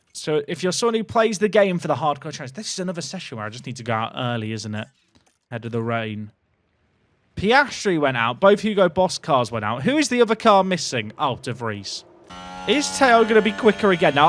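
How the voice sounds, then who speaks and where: A young man chatting excitedly to his stream chat while commentating his own racing game session. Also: fairly high pitch, no room sound. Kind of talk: live gameplay commentary. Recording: faint game music behind.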